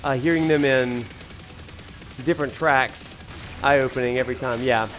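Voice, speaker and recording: A man's voice: mid-range voice, fairly even intonation, moderate pace, fairly bright tone. A man with a Southern US drawl hosting a live gameplay stream, greeting chat viewers with enthusiasm. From Alabama, USA. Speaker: streamer and professor. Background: faint game music.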